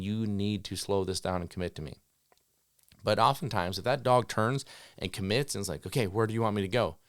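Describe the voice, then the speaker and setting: A man who trains dogs, giving an instructional talk in a direct, coaching way and acting out owners' commands and dogs' thoughts in quick voices. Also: lowish voice, no echo, studio quality. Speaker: dog trainer.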